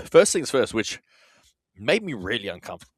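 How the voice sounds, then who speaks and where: This podcast co-host is a South African man whose accent is Australian with South African traces. His mid-range voice is sing-song, a bit bright and slightly rough, at a moderate pace with no room sound, as he rambles casually, mocks himself and swears now and then.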